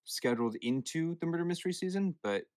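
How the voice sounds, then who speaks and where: A man's voice: a little high, expressive, quick pace, darkish tone, no room sound. A man hosting a film podcast, chatting casually and handing turns to his co-hosts, often correcting himself. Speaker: podcast host. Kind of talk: casual chat.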